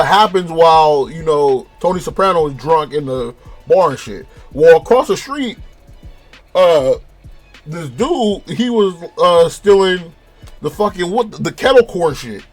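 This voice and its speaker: A young man from California rambles through a TV episode recap, swearing freely and retelling scenes with animated energy. His voice sits high for a man. Faint music plays underneath. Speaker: show reviewer. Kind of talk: casual spoken review.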